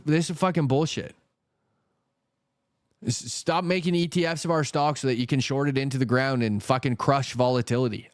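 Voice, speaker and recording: A man in the middle of a casual market rant on his livestream, cursing freely and circling back over the same point. His voice sits at an ordinary middle pitch and comes across close and dry, with no room sound around it. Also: dry recording. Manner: exasperated, swears heavily, repeats himself. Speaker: stock market livestream host.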